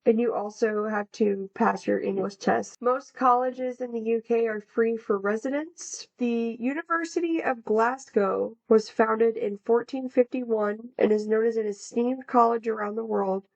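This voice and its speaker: A young American woman co-hosts a podcast, reading researched facts in a casual, chatty manner full of fillers. Her voice is on the high side, her pace measured with hardly any pauses, and the recording sounds dull and lo-fi.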